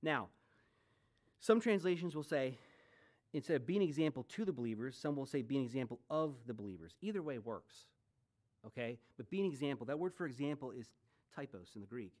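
A man's voice: medium pitch, animated, a little fast, darkish tone. A man in his forties preaching a sermon as pastor, conversational, with joking asides and rhetorical questions. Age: 40s.

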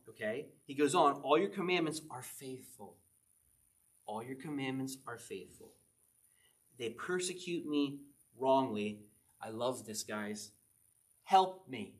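A middle-aged pastor preaches a relaxed sermon in an ordinary male pitch. He addresses the congregation as if chatting with friends, regularly dropping in quick "okay?" checks.

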